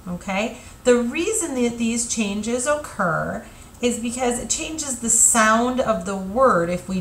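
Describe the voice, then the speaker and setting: Woman teacher, patient explainer, says "okay?" often; mid pitch; roomy echo. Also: fairly bright tone, a little hiss or hum. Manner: patient, explanatory, frequent fillers and "okay?" checks. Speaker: Spanish teacher. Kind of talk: recorded online lesson.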